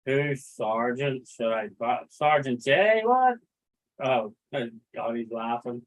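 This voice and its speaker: The host of a casual livestream takes things slowly, his mid-range voice holding a steady tone. He rambles, swears freely and reads chat messages aloud over tinny, phone-like audio.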